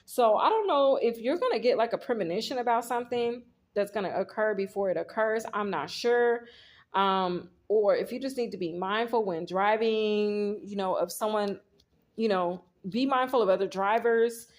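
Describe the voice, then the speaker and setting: A woman's voice: mid-range voice, normal speed. A woman gives a casual tarot reading to her viewers. She rambles through the story in an easy, chatty way, often speaking straight to the audience. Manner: rambling, talks straight to viewers, retells scenes quoting herself. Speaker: tarot reader.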